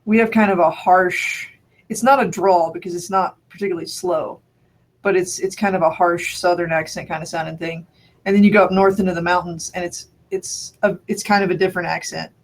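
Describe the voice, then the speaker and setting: A man's voice: sits high, fairly even intonation, brisk. A man from New Mexico in casual chat, thinking aloud and restarting his sentences, with the odd laugh. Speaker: conversation partner.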